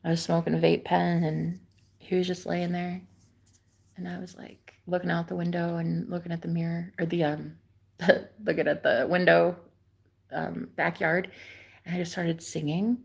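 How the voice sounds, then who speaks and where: A young adult woman live streaming a rambling, confiding monologue, dropping to whispers and then rising to loud, profane exclamations. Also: on the low side, little pitch movement, normal speed, gravelly, slightly rough. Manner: swings between hushed whispers and loud exclamations.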